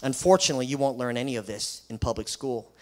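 A man's voice: medium pitch, fast. A man who is a Christian school principal, preaching an emphatic sermon full of rhetorical questions and sarcastic asides.

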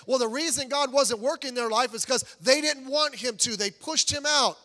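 Guy preaching in a church, high bright voice, goes quiet then builds up loud and pleading, big hall echo. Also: normal speed, few pauses. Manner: swings from soft low asides to raised, pleading urgency. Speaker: pastor. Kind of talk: sermon. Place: church sanctuary.

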